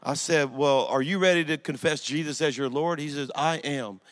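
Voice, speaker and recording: A man from Louisiana preaching a storytelling sermon in church, swinging from hushed retelling to loud, excited bursts. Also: fairly high pitch, moderate pace. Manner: animated, swings from hushed to shouting, laughs at own story. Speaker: guest preacher.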